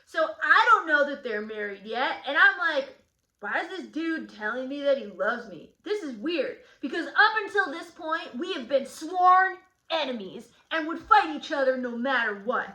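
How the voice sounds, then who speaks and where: Here is a woman as Tybalt, a cocky and touchy young swordsman who guides a study lesson. The delivery is slangy and sarcastic, pitched high and bright. The sound is recorded in an echoey room. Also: sing-song, normal speed, heavily acted. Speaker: teacher in character as Tybalt.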